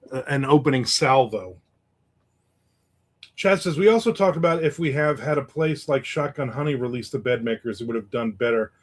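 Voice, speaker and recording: A man's voice: mid-range voice, fairly bright tone. A middle-aged man hosting a casual livestream, rambling about his weekend and reading viewer comments aloud. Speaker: livestream host.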